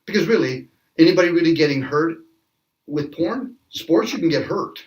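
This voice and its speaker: A man's voice: fairly high pitch, animated, moderate pace. A man in a casual speculative panel discussion, talking animatedly, acting out little quoted exchanges and laughing often. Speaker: panel guest. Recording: distant from the mic.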